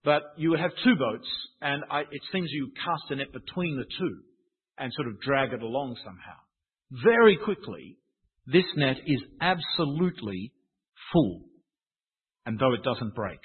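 A man's voice: mid-range voice, very animated, moderate pace, breathy edge. A man preaching a sermon in a conversational, wry, self-deprecating manner. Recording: tinny phone-like sound.

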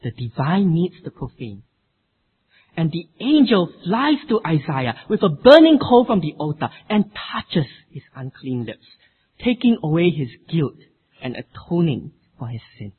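A man preaching a sermon with an emphatic, expressive delivery. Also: a little high, a little slow, husky. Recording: tinny phone-like sound.

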